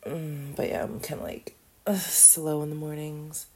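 A woman recording a casual, intimate audio diary from bed with a groggy morning voice, drowsy and soft, often sliding into a half-whisper. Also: low-pitched, flat delivery, a little slow, slight background noise. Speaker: audio diarist. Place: in bed at home.

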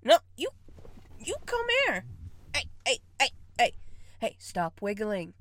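A woman's voice: fairly high pitch, huge pitch swings, takes it slowly, a bit bright, dry recording, full character voice. A young woman in an audio role-play, playing a bossy partner who teases, scolds and laughs often. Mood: scolding, laughing.

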